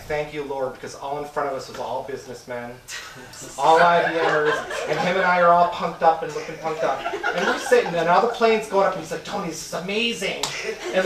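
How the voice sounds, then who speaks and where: A man speaking at a memorial service, telling a lively story with laughter. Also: on the high side. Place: congregation hall. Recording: echoey room from far off, noisy.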